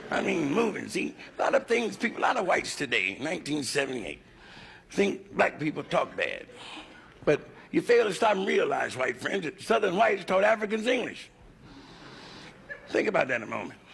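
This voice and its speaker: A man's voice: fairly high pitch, big pitch swings, moderate pace, creaky, fairly bright tone. A man doing a crude, conversational stand-up routine on a nightclub stage in front of a live audience. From United States. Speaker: stand-up comedian. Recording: live club recording with hiss.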